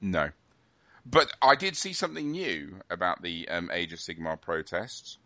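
A man's voice: sits low, lively intonation, measured pace, bright, forceful tone, no echo. A man hosting a casual podcast, wry and joking, rambling with fillers. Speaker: podcast host.

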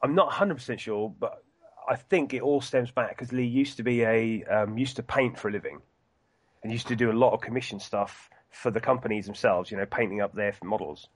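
A man with a mid-pitched voice and a Norfolk accent, talking as a podcast guest. He talks casually and hesitantly, stopping to restart his sentences. The recording is dry and close. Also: fairly quick, no room sound. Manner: hesitant, many fillers and restarts. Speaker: podcast guest from a gaming shop.

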